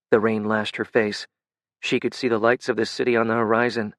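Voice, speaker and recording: A man narrating a dark fantasy audiobook in a measured, intimate way. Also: lowish voice, little pitch movement, dry recording.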